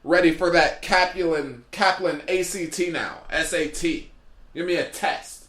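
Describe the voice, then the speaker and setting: A man's voice: on the high side, unhurried, a bit bright. A man doing a rambling comedic storytelling monologue as a podcast host, drifting off on tangents. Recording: roomy echo.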